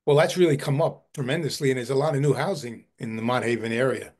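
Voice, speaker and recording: A man who heads a historical society gives a video-call book talk. He tells an animated anecdote and often repeats his words. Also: medium pitch, quick pace. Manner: animated, repeats words while telling a story.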